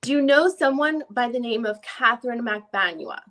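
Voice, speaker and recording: Lady reading a defense lawyer w/ a put-on jamaican accent, formal, methodical questions, kinda high voice. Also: expressive, normal speed, a bit bright. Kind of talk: amateur dramatic reading.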